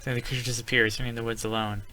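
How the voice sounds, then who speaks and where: Man, casual gamer type, bright and sharp voice, reads game text aloud and reacts with excited yelps. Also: mid-range voice, rapid-fire, a little hiss or hum. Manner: reads story text aloud, then breaks into startled exclamations. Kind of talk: casual let's-play narration.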